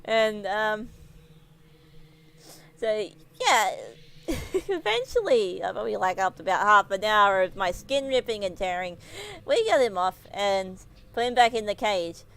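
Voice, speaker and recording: A woman's voice: medium pitch, animated, measured pace, a bit bright, clear, resonant tone. A woman streamer telling a story to her livestream, giggling often and rambling with many restarts. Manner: giggly, laughs often while telling stories.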